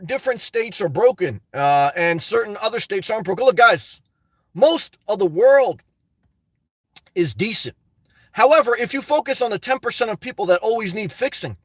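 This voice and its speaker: A YouTuber vents and tells stories to his viewers in a rambling, casual monologue, laughing and often calling them "guys." His voice sits high with a fairly bright tone and no room sound.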